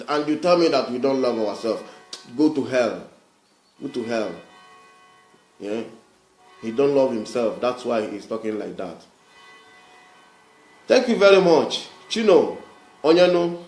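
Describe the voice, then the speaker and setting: A man's voice: medium pitch, animated, measured pace, long pauses, darkish tone, soft background music. Emphatic Nigerian man in an echoey room. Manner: emphatic and repetitive, preachy. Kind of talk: livestream address to viewers.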